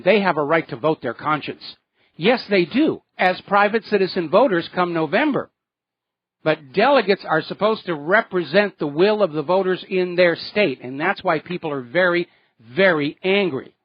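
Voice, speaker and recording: High-voiced indignant male radio host. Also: lo-fi sound. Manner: indignant, sarcastic. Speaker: radio talk show host. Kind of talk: political talk radio commentary.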